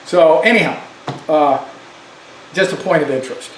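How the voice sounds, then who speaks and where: A man's voice: fairly high pitch, slow pace, long pauses. An older man telling a personal story in a casual, rambling way, full of fillers and restarts. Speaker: vlogger. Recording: roomy echo with faint background noise.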